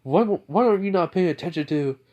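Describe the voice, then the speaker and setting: A man's voice: sits high, fairly quick, warm tone, lo-fi sound, voice pushed up, natural voice. A man voicing an uptight, strict young male student with a stiff, scolding delivery.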